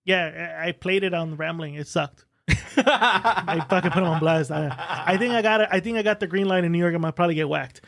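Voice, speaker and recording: A man telling stories in casual podcast chat, animated and profane. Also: high voice, brisk, creaky. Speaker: podcast guest, show host.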